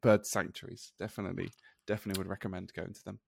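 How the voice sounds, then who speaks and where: A man's voice: deep voice, flat delivery, very fast, gravelly, slightly rough. A man co-hosting a podcast, chatting casually and laughing often. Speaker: podcast co-host. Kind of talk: casual chat.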